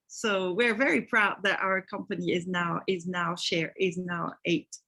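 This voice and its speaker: A woman's voice: medium pitch, a bit bright. French-accented woman hosting a webinar. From France. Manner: friendly, greets attendees by name. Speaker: webinar host. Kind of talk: live online webinar.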